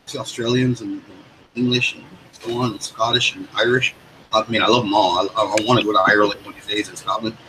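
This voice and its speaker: A man's voice: on the low side, fairly even intonation, fast, noisy background. A man from the United States in casual chat, telling stories in a rambling, stop-start way.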